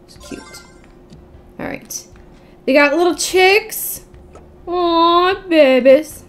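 A young woman who hosts a gaming channel provides casual gameplay commentary in a very high voice, speaking extremely slowly. She gushes and squeals over cute things, giggling a lot, while faint music plays behind her.

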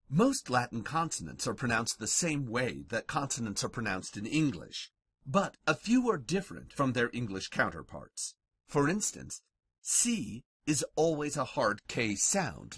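Male teacher, husky voice, lively pitch, slow careful scripted lesson, sounds out every example. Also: dry recording. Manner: careful, deliberate, sounds out each example word. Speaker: language teacher.

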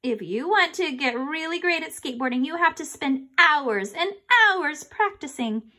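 A woman reading a children's chapter book aloud. Her voice sits high and bounces with lively, expressive swings. She reads with animated storytelling energy. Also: moderate pace. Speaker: reader.

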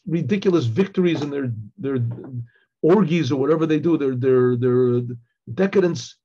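An older man, a rabbi, giving a Torah class, telling a story in a halting way with many restarts and frequent throat clearing. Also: high-pitched, mellow, highs cut off. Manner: halting, repeats words, clears throat often. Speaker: rabbi teaching.

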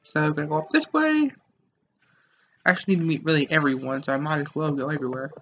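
Young male let's player, high voice, jokey rambling, muffled mic with faint hiss. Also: fast talker, a bit bright. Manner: joking, rambling, talks to viewers. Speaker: gamer. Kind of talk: casual let's play commentary.

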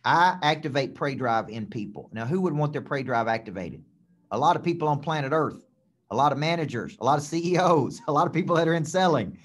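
A man's voice: fairly high pitch, expressive, fairly quick. A man who is a business coach, giving an emphatic coaching session with lots of repetition and frequent "okay?" check-ins.

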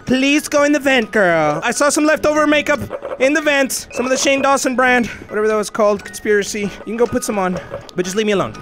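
High, animated Mexican gamer man. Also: fairly quick, music in the background. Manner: animated, jokey, swears, swings into panicked yelling and Spanish. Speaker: gaming YouTuber. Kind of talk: excitable horror game commentary.

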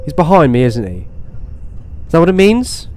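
Excitable man muttering at a horror game. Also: fairly high pitch, normal speed, slight background noise. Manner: swears, talks to himself, swings between muttering and excited outbursts. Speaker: gaming YouTuber. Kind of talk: horror game let's play commentary.

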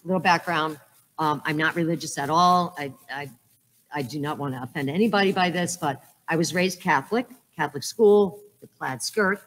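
A woman's voice: deep voice, a bit bright. Joking woman in an echoey hall. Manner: joking storyteller, frequent "right?". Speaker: conference speaker. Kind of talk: humorous talk. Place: conference hall. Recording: echoey hall with long reverb.

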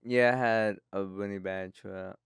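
A young man, telling a story on a podcast in a halting, laid-back way full of fillers. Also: on the low side, fairly even intonation, smooth, no echo, clean studio sound. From Texas. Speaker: comedian and rapper, podcast guest.

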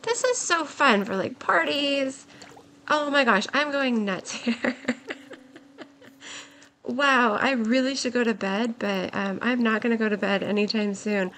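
A woman's voice: a little high, measured pace, a bit bright, a little hiss or hum. Giggly, gushing young woman streamer. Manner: gushing, giggly, exclaims often. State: voice nearly gone, worn. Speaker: game streamer. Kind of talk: excited gameplay commentary.

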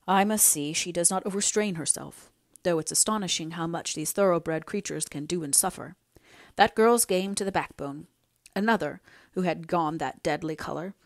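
A woman voicing a kindly older male doctor in an audiobook reading, speaking in a gentle, fatherly way. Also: fairly low pitch, no echo, studio quality, lightly acted. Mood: admiring. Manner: soothing, fatherly.

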